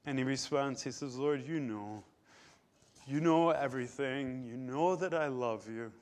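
A man preaching a sermon, emphatic, swinging between loud stressed words and quiet, low drops. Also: a little slow.

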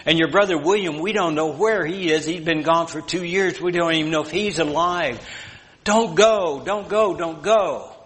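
A preacher putting on a frightened old mother, begging and repeating herself in a higher voice. The words ring out with a long reverb from the hall around her. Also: steady tone, brisk, hardly any pauses, fairly bright tone, natural voice. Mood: pleading. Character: pleading elderly mother, fearful and clinging.

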